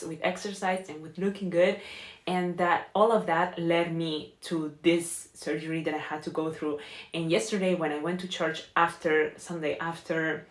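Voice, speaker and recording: A young woman sharing a heartfelt, emotional faith testimony in a vlog, earnest and often close to tears. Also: lowish voice. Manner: earnest with frequent "you know?". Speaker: faith vlogger and life coach. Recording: echoey room.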